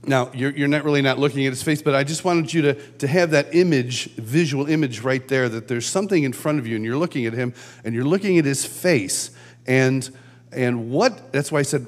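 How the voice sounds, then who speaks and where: A man giving a conversational sermon at a conference, telling stories and acting out shouted quotes. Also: medium pitch. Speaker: conference speaker. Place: large church hall.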